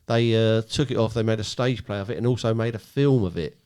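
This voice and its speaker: A man's voice: on the low side, brisk, a little mellow, smooth. A British man chatting casually as a podcast co-host, telling stories in a rambling, hesitant way. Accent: British English. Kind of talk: casual chat.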